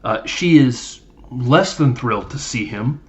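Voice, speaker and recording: A man's voice: medium pitch, animated, unhurried. Chatty man on muffled podcast audio. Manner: loose and chatty, many fillers, laughs while acting out scenes. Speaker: podcast host. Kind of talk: casual film recap chat.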